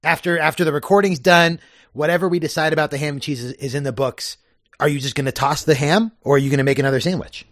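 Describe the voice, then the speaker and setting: Male co-host, slightly high voice, wry questions, dry close sound. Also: steady tone, fast talker, a bit bright, dry recording. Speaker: podcast co-host. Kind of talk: casual chat.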